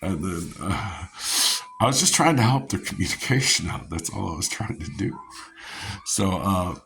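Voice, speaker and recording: Male vlogger, deep voice, loose meandering storyteller who laughs at his own tales. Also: lively intonation, moderate pace, vocal fry, fairly bright tone. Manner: meandering, chuckling, many restarts and fillers. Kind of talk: rambling personal storytelling.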